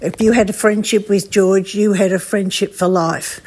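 A woman's voice: mid-range voice, fairly even intonation, normal speed, breathy edge. Older Australian woman telling fond stories. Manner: warm storytelling with hesitations. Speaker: friend giving a tribute. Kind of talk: spoken memorial tribute.

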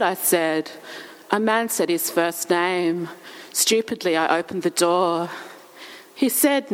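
A young woman calmly telling her own story in plain, matter-of-fact sentences. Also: fairly low pitch, in a large hall, poor audio. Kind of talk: first-person spoken narrative.

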